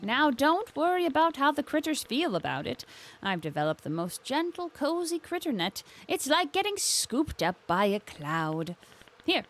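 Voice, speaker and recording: Woman doing cheery beekeeper lady, put-on minnesotan accent, pinched folksy voice, lively pitch. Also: normal speed, a little hiss or hum. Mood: welcoming. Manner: friendly, folksy, slightly pinched voice. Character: cheerful island beekeeper woman, chatty and welcoming.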